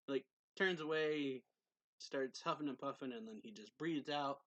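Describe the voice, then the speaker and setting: A man's voice: medium pitch, fairly bright tone. A man reviewing a manga chapter in a casual recap, rambling with fillers and asides.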